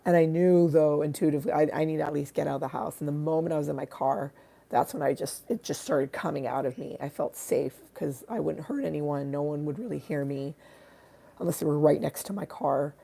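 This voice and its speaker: A hoarse woman with a raspy voice, an artist chatting casually on a livestream and rambling with many fillers and restarts. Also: low-pitched, brisk, dark tone. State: hoarse from screaming.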